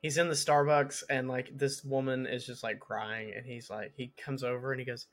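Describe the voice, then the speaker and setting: A man's voice: mid-range voice, little pitch movement, normal speed, a bit bright. A young man in casual chat, telling a story and quoting people as he goes.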